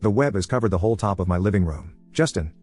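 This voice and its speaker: A man narrating a story in the first person with plain, even delivery. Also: lowish voice, racing, slightly rough, faint music behind.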